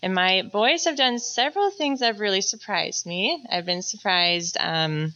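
A woman speaking earnestly to a church group about motherhood, gentle, with many fillers and soft laughs. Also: medium pitch, expressive, normal speed, highs cut off. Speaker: mother sharing a testimony. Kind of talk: prepared talk to a church group.

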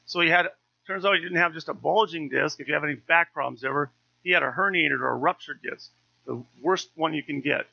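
A man's voice: fairly high pitch, a little fast, vocal fry, no room sound, muffled recording. A man in his fifties, a pastor preaching a sermon in a conversational, story-telling way with touches of humour.

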